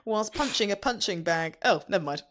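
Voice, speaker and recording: A woman's voice: medium pitch, expressive, a little fast, heavy background noise. Giggly woman reading a recap. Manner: giggly, sarcastic asides while reading. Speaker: podcast host reading the news. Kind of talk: scripted news recap with banter.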